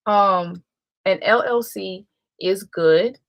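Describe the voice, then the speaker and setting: A woman's voice: medium pitch, drawn-out words, gravelly, dry recording. A woman hosting a live stream, talking casually and rambling, often correcting herself mid-sentence. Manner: rambling, self-correcting, chatty. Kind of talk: casual livestream talk.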